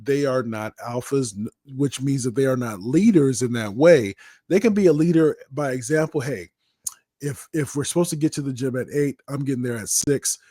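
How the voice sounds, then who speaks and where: A man chatting about basketball in a mellow, slightly husky voice. He repeats himself as he goes and acts out little back-and-forth scenes to make a point. The sound is dry and close. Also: medium pitch, normal speed, dry recording. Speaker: guest sports commentator. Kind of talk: casual sports talk.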